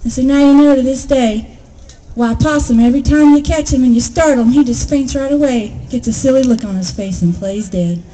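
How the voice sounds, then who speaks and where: A woman telling a traditional animal folk tale aloud in a lively, expressive way, with sighs, gasps and drum sounds. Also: high voice, a little fast, a little hiss or hum, low-quality recording. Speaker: storyteller. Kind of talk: oral folk tale storytelling.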